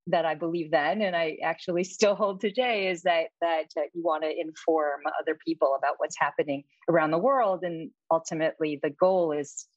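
A woman journalist answers interview questions in a lively way and laughs easily. The audio is dull and lo-fi, and it sounds dry, with no room echo. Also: low voice. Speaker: guest, journalist.

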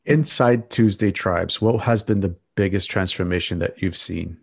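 A man's voice: low voice, moderate pace, vocal fry, husky. A man interviewing his guest with short questions. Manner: brief, asking questions.

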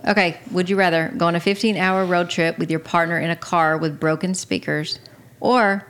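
A woman in her forties co-hosting a casual couples chat, talking softly and in a low-key way. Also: steady tone, normal speed, smooth. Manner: soft-spoken, low-key. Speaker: podcast co-host.

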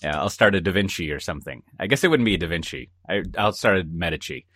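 Brief: deep-voiced male podcast co-host, bright tone, animated and digressive, dry close mic. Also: fast, no echo. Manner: rambling, jokey storytelling with many asides. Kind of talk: casual chat. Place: lives in Texas.

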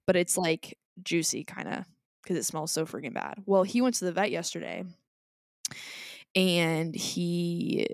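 A woman's voice: fairly low pitch, unhurried, no room sound, studio quality. A woman in her twenties co-hosting a podcast, telling a story in casual chat and acting out what people said. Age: 20s. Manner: animated storyteller acting out quotes. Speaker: podcast co-host.

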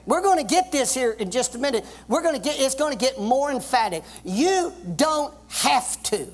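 A pastor preaching a sermon with emphasis, reading scripture and having the congregation repeat phrases after him. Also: male voice, very high voice, animated, fast talker. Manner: reads scripture aloud and explains it.

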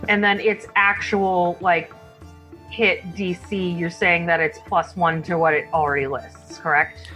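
A woman's voice: lowish voice, level tone, measured pace, pushed and bright, faint music behind. A woman chatting as a tabletop game player, giggly and hesitant. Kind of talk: casual tabletop game chat.

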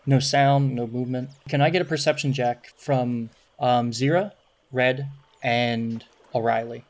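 A man narrating a tabletop game as game master in a relaxed, descriptive way with many fillers. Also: mid-range voice, measured pace.

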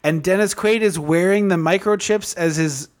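A man's voice: high-pitched, normal speed. A man co-hosting a podcast in casual chat, rambling with lots of fillers and restarts. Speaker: podcast co-host. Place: hot room at home.

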